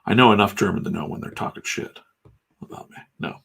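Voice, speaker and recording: A man's voice: lowish voice, fast talker, creaky, fairly bright tone, slightly rough. A middle-aged man from the United States chatting casually and candidly, with some swearing, while he draws. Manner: rambling, candid and profane. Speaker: comics artist and channel host. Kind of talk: casual talk while drawing.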